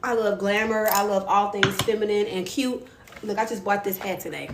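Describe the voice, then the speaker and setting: A playful woman chats on a livestream, laughing often and swooping up into squeals when something thrills her. Her voice sits mid-range and sounds roomy, with faint ambient noise behind it. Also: normal speed. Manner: expressive, swoops into high squeals when excited. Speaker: livestream host. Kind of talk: casual livestream chat. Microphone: phone mic.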